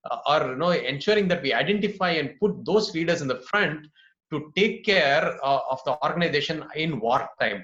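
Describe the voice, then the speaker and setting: A man's voice: fairly high pitch, fairly bright tone. A man moderating a webinar panel over a video call, telling stories in a conversational way with many fillers and "right?" tags. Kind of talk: panel discussion, storytelling. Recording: roomy, dull video-call audio.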